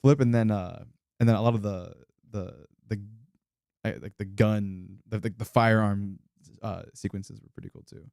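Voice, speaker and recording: A man co-hosting a casual movie podcast, speaking hesitantly with many pauses and restarts. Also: fairly low pitch, fairly even intonation, gravelly, a little mellow, clean tone, no echo, studio quality.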